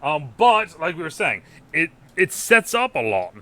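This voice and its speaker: Casting: bright-toned male podcast host, chatty recapper, filler-heavy delivery. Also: on the high side, very animated, a little slow. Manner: rambling recaps with acted-out quotes and many ums. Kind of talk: casual movie review chat.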